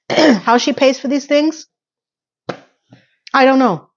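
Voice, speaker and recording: A woman casually recapping a TV episode in a chatty, animated way. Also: high-pitched, slow, highs cut off. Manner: animated, acts out quotes.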